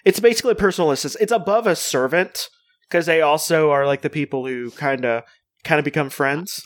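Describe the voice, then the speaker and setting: A man's voice: on the high side, fairly quick, no room sound. Rambling, filler-heavy man on a podcast. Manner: rambling, full of "like" fillers and restarts. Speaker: podcast co-host. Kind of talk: casual chat.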